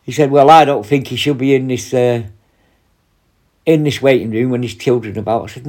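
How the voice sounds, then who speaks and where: A man's voice: medium pitch, steady tone, fairly quick, darkish tone. A man, a prison officer, casually telling blunt, profanity-laced stories and acting out his own retorts. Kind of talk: casual anecdote storytelling.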